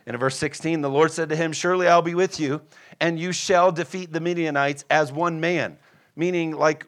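A man's voice: on the high side, steady tone, normal speed. A man preaching a sermon in a conversational way, acting out biblical figures with playful asides and checking in with his listeners. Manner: asks the congregation "are you with me?".

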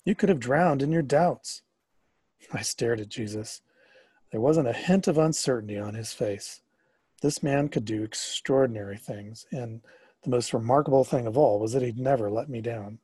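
A man narrating a story in the first person, expressive and sometimes rising to excited questions. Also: mid-range voice, moderate pace, slightly rough, dry recording.

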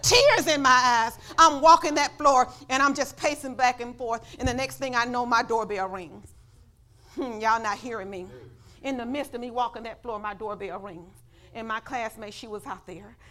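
In church, a woman pastor with a high-pitched voice preaches a sermon. She tells a personal story and builds up to shouts of praise.

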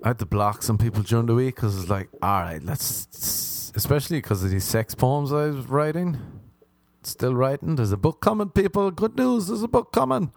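In a casual comedic monologue, a young podcast host and comedian riffs on self-deprecating stories from his own life. His medium-pitched voice is expressive, creaky and darkish in tone, at a normal pace with no echo.

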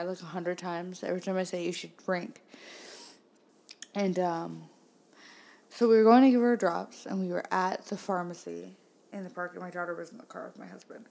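A woman hosts her own podcast alone, chatting casually at a middle pitch. She rambles from one complaint to the next with dry sarcasm and plenty of swearing. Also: vocal fry, a little mellow. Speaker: podcast host. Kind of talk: casual solo podcast monologue.

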